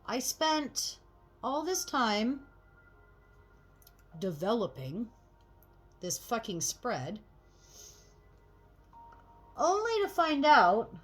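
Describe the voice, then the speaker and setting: A woman chatting casually to viewers as she gets ready, swearing freely and getting animated when annoyed. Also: on the high side. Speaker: tarot reader and channel host. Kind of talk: casual get-ready-with-me chat.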